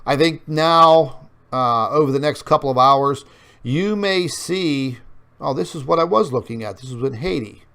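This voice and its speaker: This online news show host talks in a fairly high, bright, clear and resonant voice at an unhurried pace. Chatting casually over maps on screen, he meanders, leans on fillers, and addresses the audience as folks.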